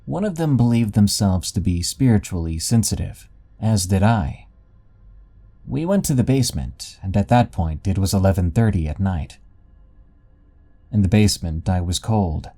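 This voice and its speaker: Low, husky male horror narrator. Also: animated, dark tone. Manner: measured, dramatic storytelling. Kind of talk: scripted horror story narration.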